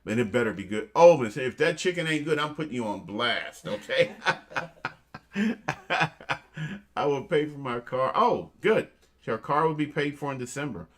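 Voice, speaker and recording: A man hosts a relaxed chat show with a playful, teasing streak, cracking jokes one moment and giving earnest motivational advice the next. His pitch sits in an ordinary middle range, and he keeps addressing listeners as family. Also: moderate pace. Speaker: host.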